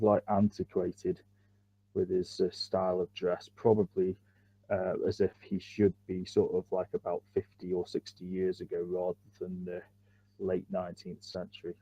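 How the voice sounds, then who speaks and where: A man's voice: low-pitched, flat delivery, normal speed, slightly rough, lo-fi sound. A man playing in a tabletop game, speaking in hesitant casual chat full of fillers. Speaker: player.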